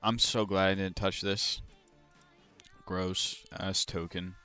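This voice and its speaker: A young man live-streaming crypto trades, chatting casually to his viewers and ranting about his moves with swearing and sudden loud outbursts. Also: deep voice, flat delivery, slow, clear, resonant tone, soft background music. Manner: frustrated, swearing, rambling, bursts of loud outrage.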